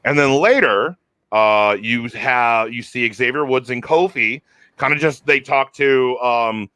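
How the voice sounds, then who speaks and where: A man hosting a casual wrestling review chat, excitable and rambling, often restarting his sentences. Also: mid-range voice, measured pace, smooth, no room sound.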